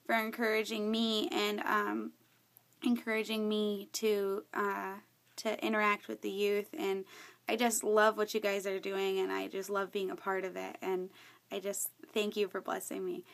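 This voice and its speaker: A young woman who works with youth, sharing a personal testimony in an earnest, halting way, with many fillers and restarts and frequent laughs. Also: mid-range voice, monotone, vocal fry. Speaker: youth worker.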